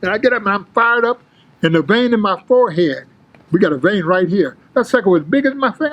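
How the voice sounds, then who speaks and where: An older man, a former bodybuilder, telling his story in a casual interview, animated and full of street slang, acting out the quotes. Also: high voice, fairly quick, lo-fi sound.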